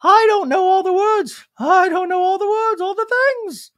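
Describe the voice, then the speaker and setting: A man putting on a mocking impression of a haughty upper-crust woman in a high, airy falsetto, with a sing-song, mock-dramatic delivery. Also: normal speed, a bit bright, no echo, studio quality. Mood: flustered.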